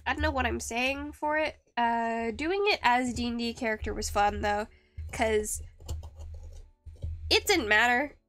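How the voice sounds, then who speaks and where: A woman with a high voice chats on a live stream while she carves. She rambles and stops herself with fillers. The sound is close and dry, with faint music behind her. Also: unhurried, a bit bright, no echo. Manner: rambling, self-deprecating, hesitant with many fillers. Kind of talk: casual live-stream chat while woodcarving.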